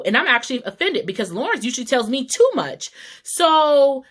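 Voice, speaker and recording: A woman's voice: on the high side, very animated, normal speed, a bit bright. A woman giving a casual, opinionated TV episode recap in heated, slangy talk. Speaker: TV recap vlogger.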